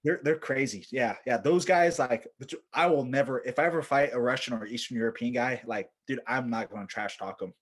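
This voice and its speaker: A man's voice: medium pitch, brisk, hardly any pauses. A man guest on a podcast, a military veteran telling casual stories in a rambling way, with lots of fillers and swearing. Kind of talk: casual storytelling.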